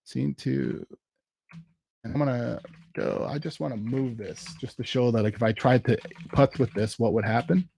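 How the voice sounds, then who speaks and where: Gravelly man talking through a demo. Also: medium pitch, moderate pace, warm tone, slight background noise. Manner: casual, thinks aloud while typing commands. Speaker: tech meetup presenter. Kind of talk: live software demo walkthrough.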